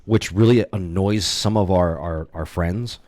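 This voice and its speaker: A man co-hosting a casual podcast, telling stories in a rambling, animated way with many restarts. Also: deep voice, a little slow, no echo. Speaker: podcast co-host. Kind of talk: casual chat.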